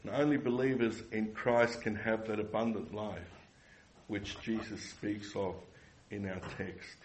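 Male preacher with a low voice, earnest sermon delivery, frequent restarts and repeated lines. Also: steady tone, a little slow, slight background noise, poor audio.

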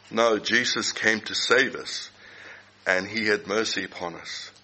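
A middle-aged man preaching a sermon, speaking deliberately and repeating key phrases for emphasis. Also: lowish voice, sharp tone, poor audio.

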